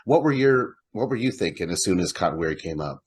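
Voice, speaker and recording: Casting: husky, lowish male podcast co-host, laid-back, curses casually. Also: expressive, fast. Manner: laid-back, swears, laughs often. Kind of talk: casual movie discussion.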